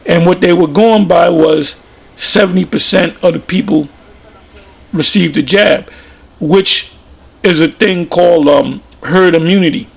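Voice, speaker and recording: A man's voice: high-pitched, a little slow, vocal fry, husky. A man giving informal religious commentary, plain-spoken and emphatic, often repeating himself. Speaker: preacher.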